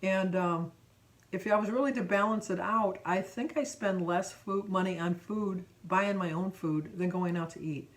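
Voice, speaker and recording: A woman's voice: mid-range voice, normal speed, distant mic. A middle-aged woman vlogging in a rambling, chatty way, full of ums and self-corrections. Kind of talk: casual vlog chat.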